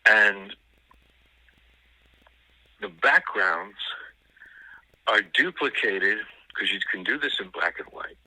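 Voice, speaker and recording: A man with a low, strikingly sharp and tense voice talks through a film in a relaxed, analytical way. He often pauses and restarts as he hunts for the right word. The sound is close and dry, with no room echo. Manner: thoughtful, analytical, pauses to find words. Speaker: film critic guest. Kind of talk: casual film discussion.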